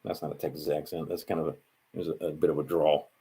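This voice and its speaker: With a warm, slightly rough bass voice and a flat delivery, a man speaking in a Hawaiian Pidgin accent moves quickly through a solo monologue on his channel. He wanders from point to point, fixes his own wording, and makes asides to listeners.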